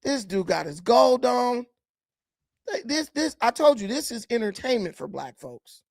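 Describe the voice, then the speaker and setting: Very high-pitched and very animated, with vocal fry and no echo, this man reacts to video clips at an unhurried pace. He is blunt, combative and mocking toward the people he watches, with sudden swings in volume.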